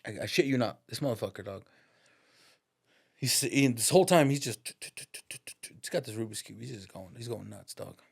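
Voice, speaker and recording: A man's voice: mid-range voice, expressive, brisk, gravelly, breathy edge. A man in his thirties, a barber, telling a story in a casual, slangy, profane way. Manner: slangy and profane, peppers talk with "dog" and "bro". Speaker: podcast guest, barber.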